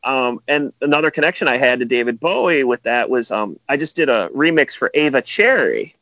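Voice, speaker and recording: A male music producer with a Metro Detroit accent chats in a casual interview, spinning animated stories packed with "like" and other fillers. His voice sits in the mid range and moves fairly quickly. The recording is dry and sounds dull.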